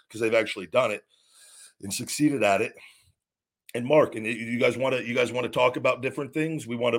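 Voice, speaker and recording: A man's voice: mid-range voice, fairly bright tone. A middle-aged man hosting his own talk show, telling a story in a blunt, profane, rambling way and acting out what others said. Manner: quotes others in retold dialogue. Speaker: host. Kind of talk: casual solo talk.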